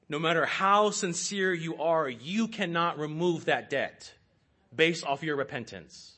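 A man's voice: a little high, animated, unhurried, sharp tone. A man preaching a sermon in an earnest, rhetorical way, calling his listeners saints.

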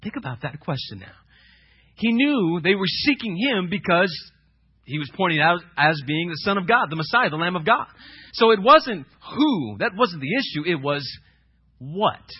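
Husky, animated preacher man. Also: high-pitched, moderate pace, muffled recording. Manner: dramatic preaching, swings between loud emphatic questions and hushed reading. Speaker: pastor. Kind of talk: sermon.

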